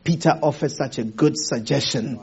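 A man preaching a sermon in a theater, animated, laughing often and asking the congregation rhetorical questions. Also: mid-range voice, moderate pace, vocal fry, muffled recording. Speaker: pastor. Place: theater used for a church service.

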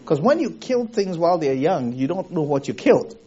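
A man preaching a sermon in a theater, animated, laughing often and asking the congregation rhetorical questions. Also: fairly high pitch, a little fast, dull audio. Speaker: pastor. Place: theater used for a church service.

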